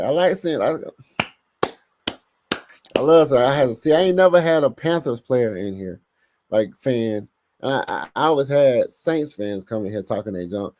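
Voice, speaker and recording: A man hosting a casual live sports podcast, reading the chat aloud and talking back to it with lively bursts of emphasis. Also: mid-range voice, measured pace, pauses often, background noise. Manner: animated, talks to chat, bursts of louder emphasis.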